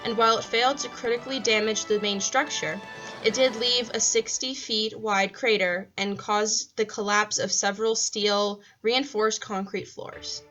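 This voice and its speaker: A young woman anchoring a homemade news report, reading a script steadily and slowing carefully over names. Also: mid-range voice, steady tone, bright, forceful tone, faint music behind, low-quality recording. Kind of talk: read mock news broadcast.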